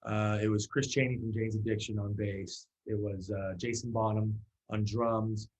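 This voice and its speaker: A man's voice: on the low side, little pitch movement, normal speed, darkish tone, low-quality recording. A man, a musician guest in an interview, telling a story in a loose, casual way with many fillers and restarts.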